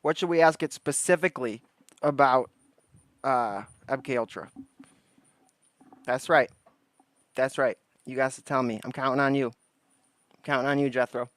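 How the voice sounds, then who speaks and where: A man hosting a casual livestream reads lists aloud in a flat voice, then chats loosely with his viewers. His voice is mid-range, he speaks at normal speed with long pauses, and there's no echo.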